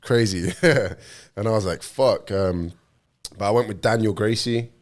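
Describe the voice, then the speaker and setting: A man's voice: on the low side, measured pace, darkish tone. A man from London, a professional fighter, telling stories in casual podcast chat, swearing freely and calling people bro. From London, England. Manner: sweary, storytelling, says bro a lot. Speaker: podcast guest, MMA fighter.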